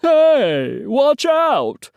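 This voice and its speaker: A woman's voice: fairly high pitch, wildly swooping pitch, drawn-out words, dry recording, highs cut off, voice pushed up, heavily acted. A woman voicing a grumpy male reporter in a children's storybook read-aloud, blustery and complaining. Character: grumpy male reporter who loves coffee.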